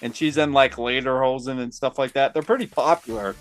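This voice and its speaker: A man's voice: mid-range voice, fairly even intonation, a little fast. A man co-hosting a podcast, chatting in an easygoing, hesitant way with plenty of fillers. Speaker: podcast co-host. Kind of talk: casual banter.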